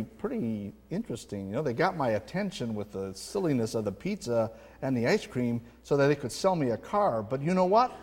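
A pastor delivers a sermon in an earnest, emphatic way, his voice sitting a little high for a man. The sound carries a long reverb, as in a large hall. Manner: earnest preaching with an anecdote, rising for emphasis.

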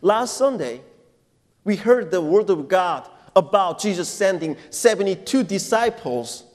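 A man with a high, light voice preaches a sermon in a church at an unhurried pace. His non-native English phrasing comes out deliberate and emphatic, and he often turns to quiz the congregation. A long hall reverb trails every phrase. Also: expressive. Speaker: pastor.

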